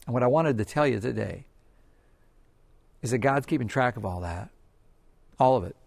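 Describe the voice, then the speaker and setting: A man preaching an earnest, gentle devotional sermon, often dropping to a soft hush. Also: mid-range voice, animated, moderate pace, creaky, no room sound. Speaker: pastor.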